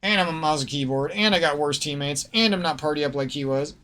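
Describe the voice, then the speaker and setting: A man with a Midwestern American accent and a slightly nasal voice that sits a bit high for a man. He rambles through a profane gaming vlog rant, breaking off and restarting his sentences as he goes. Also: fast talker, pushed and bright. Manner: profane, rambling, self-interrupting. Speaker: gaming streamer.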